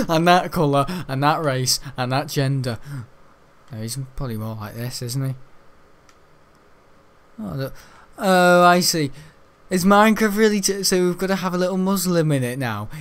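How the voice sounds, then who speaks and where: Young man, excitable, crude gaming commentary, frequent laughter. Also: a little high. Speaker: gaming channel host.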